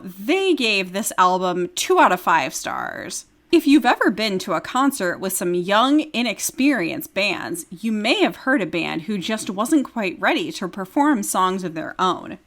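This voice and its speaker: A woman's voice: medium pitch, a bit bright. A woman podcast host reading a review aloud in a casual chat, now and then breaking into giggles.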